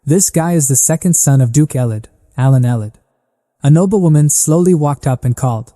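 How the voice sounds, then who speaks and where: A man narrating a story recap in a steady, even reading. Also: mid-range voice, normal speed, in a large hall.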